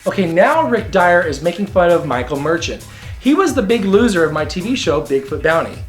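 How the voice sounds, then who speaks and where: Man, comedy show host, catty and campy, lively swooping pitch. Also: a little fast, faint music behind. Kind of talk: comedic video commentary.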